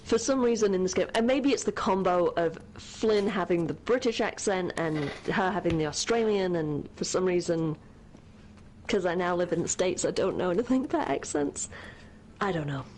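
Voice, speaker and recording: A woman's voice: fairly low pitch, lively intonation, normal speed, a little mellow, slight background noise, low-quality recording. A woman co-hosting a gaming show, chatting casually and wryly over gameplay with hesitant asides.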